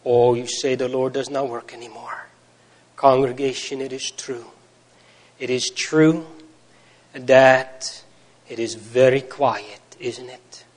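Brief: a male preacher, slow and flat-toned, solemn and pleading, sermon delivery with sudden swells and hushes. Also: mid-range voice.

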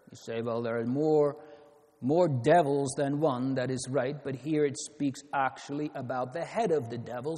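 A man's voice: on the high side, darkish tone, breathy edge. A man preaching a sermon in an earnest, emphatic way, repeating his phrases. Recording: long hall reverb.

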